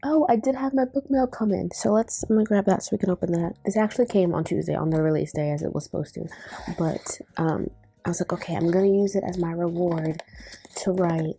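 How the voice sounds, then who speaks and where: A young woman chatting casually to the camera in a rambling, excitable way. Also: medium pitch, fast, gravelly, a little hiss or hum. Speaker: vlogger. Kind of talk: casual vlog chat.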